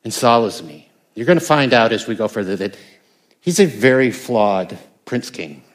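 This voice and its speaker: A man's voice: on the low side, lively intonation, normal speed. An older American man, a pastor, preaching a conversational sermon with emphatic bursts. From United States.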